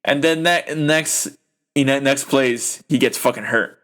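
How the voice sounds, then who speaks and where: A man's voice: mid-range voice, measured pace, a bit bright. A young man hosting a podcast, ranting about a football game in a heated, profane, rambling way full of fillers. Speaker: podcast host. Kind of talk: casual sports rant.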